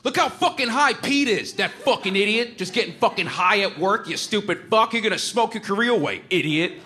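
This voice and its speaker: Guy putting on a jeering comedian voice, way up high and sharp, spitting insults at some stoned kid. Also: animated, fairly quick. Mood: mocking. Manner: shouting insults, sneering. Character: scornful male comedian mocking a stoned coworker.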